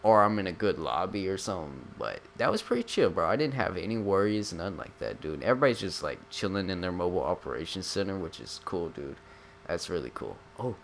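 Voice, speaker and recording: Deep-voiced young man rambling over gameplay. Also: sing-song, fast, vocal fry, fairly bright tone, a little hiss or hum. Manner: rambling, joking, slangy. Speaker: gaming YouTuber. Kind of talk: casual gameplay commentary.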